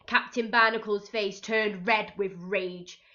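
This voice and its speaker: A woman's voice: medium pitch, fairly even intonation, slow, sharp tone, highs cut off. A woman teaching young children, reading a picture book aloud expressively, gasping and asking them questions as she goes. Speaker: reception teacher.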